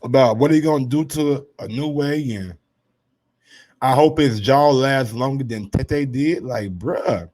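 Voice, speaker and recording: A man hosting a casual sports commentary show, brash and profane, swinging from low asides to loud heated rants. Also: expressive, unhurried.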